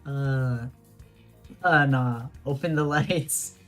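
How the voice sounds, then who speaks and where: A chatty streamer rambling through a live game stream, laughing often and answering chat. The pitch sits in the middle range. Faint game music hums underneath. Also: very slow.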